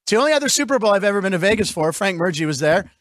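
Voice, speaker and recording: A middle-aged male host from Pittsburgh with a notably high voice, recorded dry and close. He rambles through a casual comedic chat, tossing out jokes and quick asides. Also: expressive, a bit bright, no room sound.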